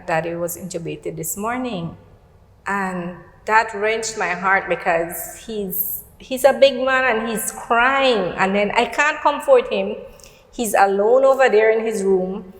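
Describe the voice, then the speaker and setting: A woman's voice: mid-range voice, measured pace, echoey room, long reverb tail. A middle-aged woman with a Belizean accent telling a personal faith testimony on a talk show, recounting events through quoted dialogue. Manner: earnest, storytelling with quoted dialogue. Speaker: guest.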